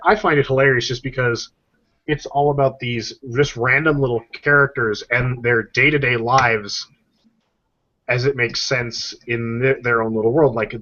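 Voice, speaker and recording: Man animatedly retelling comic strips. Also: medium pitch. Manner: animated storyteller, acting out quoted characters. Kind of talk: casual chat. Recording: dull lo-fi podcast recording.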